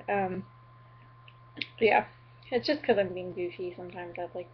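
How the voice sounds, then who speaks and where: A woman's voice: medium pitch, steady tone, quick pace, breathy edge, dull audio. A young woman from the Upper Midwest chatting in a goofy, apologetic, rambling way on her vlog, full of ums and likes. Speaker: vlogger.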